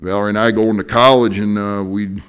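A male pastor preaching an evening sermon, animated, with joking asides to the congregation. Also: lowish voice, brisk, clean tone.

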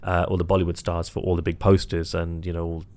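A young man, a magician, casually telling animated stories and quoting people, laughing often. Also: deep voice, quick pace. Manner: animated storyteller, quotes others, laughs often. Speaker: magician and entertainer. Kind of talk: casual chat.

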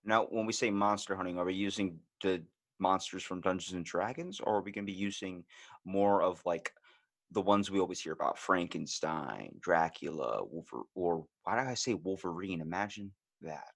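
A man hosting a podcast in casual chat, joking and crude, with animated delivery. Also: low voice, moderate pace, vocal fry. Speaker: podcast host.

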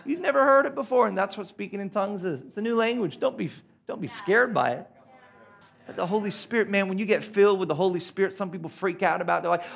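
An Australian man preaching in a high, bright voice. He is earnest and emphatic at a church service, and he slips in light, playful asides. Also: quick pace, vocal fry. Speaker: pastor. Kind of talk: sermon.

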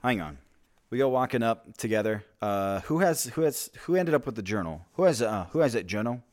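A man's voice: mid-range voice, a little fast. A man playing in a tabletop role-play game, joking and bantering as he acts out his character. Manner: jokey, lively player banter. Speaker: player.

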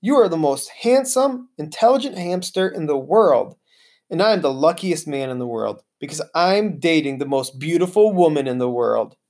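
A reader voicing an excitable, lovesick adult man who talks in exuberant bursts. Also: moderate pace, few pauses, close to an everyday voice. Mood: gushing. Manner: exuberant, booming.

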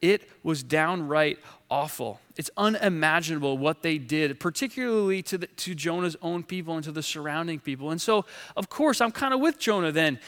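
A man's voice: fairly high pitch, expressive, normal speed, a bit bright. A man preaching a sermon from a stage, telling the story earnestly with frequent restarts. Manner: earnest storytelling with many restarts and acted quotes. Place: large hall with stage. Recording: long hall reverb.

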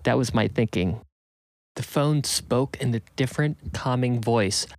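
A man's voice: medium pitch, a little slow, dry recording. A man narrating a serial first-person story in an earnest, urgent way.

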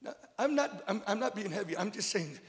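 A high-voiced man delivers a sermon in a church, his words carrying a long hall reverb. He preaches with force, often stumbling over repeated words, then dropping to a near hush. The delivery swings between shouted emphasis and quiet intensity. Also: expressive, brisk. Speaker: guest preacher. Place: church service.

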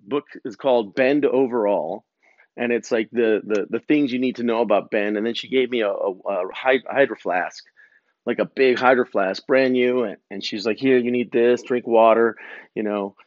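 A man's voice: medium pitch, normal speed, no echo. A man hosting a podcast, telling a long casual story in a rambling, slangy way, laughing between phrases. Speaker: podcast host. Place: home property, outdoors break. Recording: dull, dry lo-fi recording.

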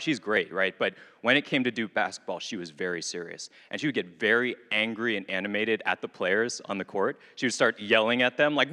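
Young man, bright clear voice, self-mocking storyteller, speaking to a group, reverberant hall. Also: mid-range voice. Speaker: retreat speaker. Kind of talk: casual talk to a group.

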